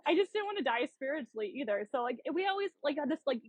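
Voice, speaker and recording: A woman's voice: high voice, quick pace, dry recording, muffled recording. Bubbly woman telling a story. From South Dakota. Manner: bubbly, animated, laughs often, many "like" fillers. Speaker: podcast guest. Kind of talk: casual storytelling interview.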